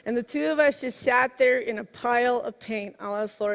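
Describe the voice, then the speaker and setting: A woman in her forties giving a sermon, telling a personal story in a lively way that swings from hushed to exclaiming. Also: fairly high pitch, a little fast, creaky, hardly any pauses. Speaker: minister. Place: church sanctuary. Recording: long hall reverb.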